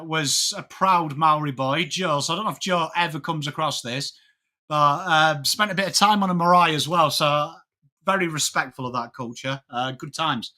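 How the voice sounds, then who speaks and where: Bright-voiced chatty English man. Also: on the high side. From England. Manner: chatty, greets chat viewers by name, slangy banter. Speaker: livestream host. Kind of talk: casual live watchalong chat.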